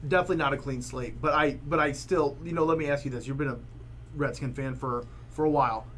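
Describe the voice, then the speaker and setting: Man, slightly high pitch, direct, questioning, sports podcast, faint background noise. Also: steady tone, brisk, fairly bright tone. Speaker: podcast co-host. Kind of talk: casual sports talk.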